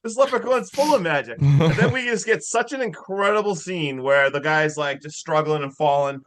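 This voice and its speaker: A man co-hosting a podcast, excitedly recapping a horror movie in casual chat. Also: on the high side. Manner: excitable, swears, recaps in quick bursts with laughs. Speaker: podcast co-host.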